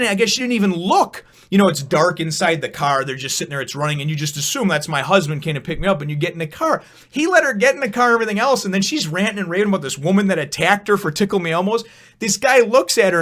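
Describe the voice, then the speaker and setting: A man's voice: high voice, fairly bright tone. A young man from Chicago telling a long, rambling personal story in a casual vlog, with frequent asides and swearing.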